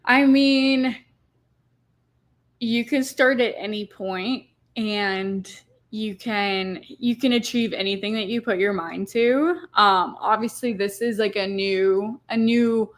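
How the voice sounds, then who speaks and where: A woman's voice: medium pitch, steady tone, slow. Chatty young woman podcast guest. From American South. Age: 20s. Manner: chatty, laughs often, restarts sentences. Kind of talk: casual chat.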